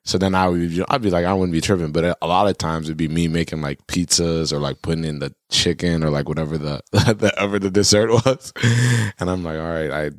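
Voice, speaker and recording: A man's voice: deep voice, fairly even intonation, fast, no echo, clean studio sound. A young man in casual chat, laid back and laughing as he recalls an old job.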